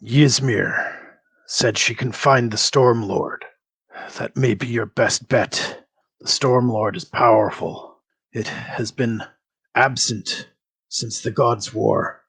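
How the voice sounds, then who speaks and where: A man voicing a mighty male war god who speaks slowly and formally, with a gravelly, husky voice. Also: mid-range voice, steady tone, fairly bright tone, exaggerated voice. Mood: solemn. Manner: grave, slow, formal speech.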